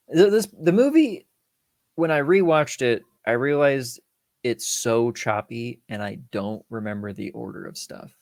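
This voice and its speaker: A man co-hosting a casual podcast about a film he rewatched. He talks it over in an animated way, acts out scenes and cracks jokes, often laughing. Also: mid-range voice, unhurried, dry recording, studio quality. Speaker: podcast co-host. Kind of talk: casual film-review chat.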